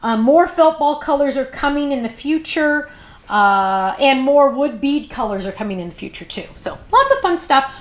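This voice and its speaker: A woman's voice: high-pitched, expressive, normal speed, reverberant. A woman hosting a crafting show, chatting casually and rambling through stories with plenty of fillers.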